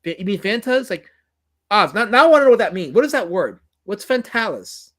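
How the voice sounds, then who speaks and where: A man from New York hosting a casual chat show, rambling and animated, repeating his words. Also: high voice, a little fast. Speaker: podcast host.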